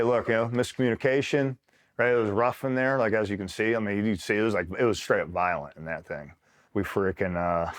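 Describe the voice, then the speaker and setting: A man from upstate New York, a retired Marine, telling a rambling war-buddy story in a casual, profane way and checking in with the listener often. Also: sits low. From upstate New York, USA. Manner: rambling, swears freely, keeps checking in with the listener. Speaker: retired Marine, interview guest.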